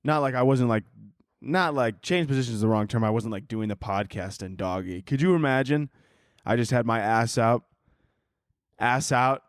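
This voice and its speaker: This solo podcast host has a medium-pitched voice and keeps a moderate pace. Holding a microphone, he rambles off on tangents, joking and swearing casually, captured in clean studio sound with no room noise.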